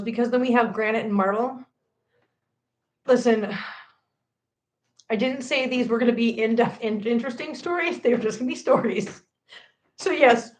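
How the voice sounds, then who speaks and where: A middle-aged woman hosting a casual live stream, chatty and animated, greeting viewers by name as she chats. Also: on the high side. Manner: chatty and animated, reads viewer comments aloud. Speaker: livestream host. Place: home, indoors. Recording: echoey room.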